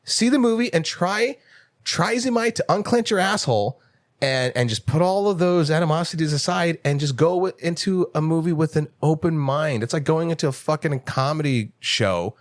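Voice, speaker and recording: A man co-hosts a casual movie podcast, ranting and swearing freely. His pitch leaps when he gets excited. The sound is dry and close, with no room echo. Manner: animated, profane ranting with quick jumps in pitch. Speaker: podcast co-host. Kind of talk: casual chat.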